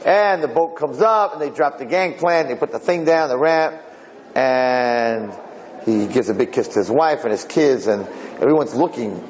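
A man tells an old parable casually, wandering off on tangents and slipping into the characters' voices as he goes. His voice sits at an ordinary middle pitch. A faint background hiss runs under the recording. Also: moderate pace, low-quality recording. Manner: rambling, digressive, acts out characters. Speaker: storyteller.

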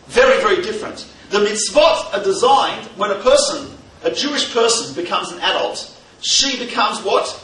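A man's voice: sits high, animated, moderate pace, bright, forceful tone. A man giving a humorous, conversational talk with a story, often putting questions to his audience. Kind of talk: lecture with storytelling. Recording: roomy hall from a distance, faint noise.

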